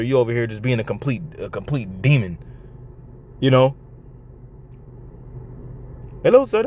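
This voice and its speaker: A man reacting to a video clip, quoting scripture slowly and swearing bluntly. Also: mid-range voice, a little mellow. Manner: blunt, swears freely, reads verses slowly. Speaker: commentator.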